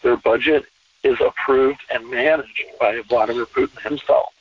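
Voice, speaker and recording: A man's voice: medium pitch, fairly even intonation, normal speed, slightly rough, no room sound, distant mic. An American man talking in a rambling, emphatic way, repeating himself, heard over a tinny phone line. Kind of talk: casual conversation.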